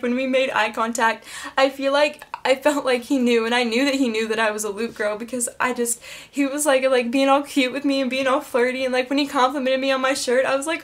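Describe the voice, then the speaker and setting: A woman vlogger telling an excited storytime, gushing and emotional, close to tears, packed with "like.". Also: high-pitched. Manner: gushing and breathless, heavy use of "like". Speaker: beauty vlogger.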